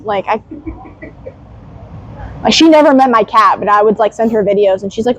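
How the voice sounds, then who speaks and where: A young woman wrestler chatting casually, telling animated stories and quoting people. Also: a little high, brisk, pauses often, low-quality recording. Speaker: guest, wrestler. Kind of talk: casual chat.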